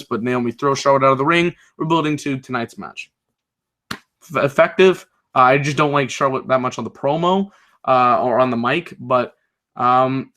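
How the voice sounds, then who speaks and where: Young man, bright forceful voice, wrestling show review, chatty and rambling, filler-heavy. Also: medium pitch. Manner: loose, rambling, many fillers, reads live chat aloud. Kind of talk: casual recap and commentary.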